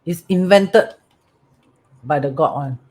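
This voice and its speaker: A man with a Singaporean English accent gives a motivational talk as a metaphysics teacher. His voice is fairly high and darkish in tone, and he takes it slowly, repeating phrases and often checking in with "right?" and "correct?".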